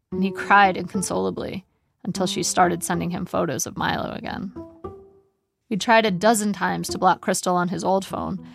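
Gravelly-voiced woman reading a memoir. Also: medium pitch. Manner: wry, steady storytelling. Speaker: narrator. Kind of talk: audiobook narration.

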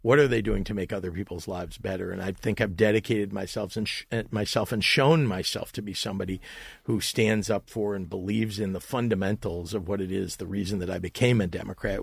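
A man's voice: deep voice, creaky, breathy edge, dry recording. A middle-aged man, a state governor, answering interview questions emphatically, often restarting and repeating words.

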